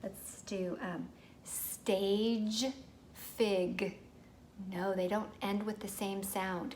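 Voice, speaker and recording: A young woman, a teacher, explaining reading tips to parents in a clear, patient way and sounding out words as she would for children. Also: mid-range voice, little pitch movement, drawn-out words, darkish tone, slight background noise. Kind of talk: instructional video for parents.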